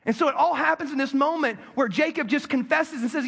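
High, bright-voiced man preaching. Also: vocal fry. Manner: conversational preaching with quick asides and acted-out quotes; repeats words as he restarts. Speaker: pastor. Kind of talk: sermon.

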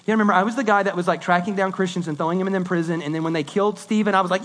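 A man preaching a sermon in a conversational, animated way, swinging between loud and hushed delivery. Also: high voice, racing, few pauses. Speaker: pastor.

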